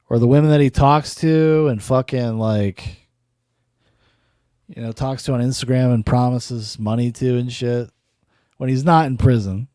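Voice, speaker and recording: Dry, mellow-voiced man riffing sardonically. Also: mid-range voice, no echo. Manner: sardonic, laughing, cursing asides. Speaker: podcast host. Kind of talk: casual reaction commentary.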